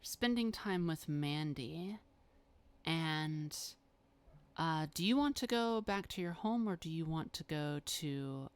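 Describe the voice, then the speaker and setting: A woman narrating a tabletop role-playing game as game master, in a relaxed, unhurried way. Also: sits low, smooth. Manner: relaxed, unhurried, frequent uh fillers.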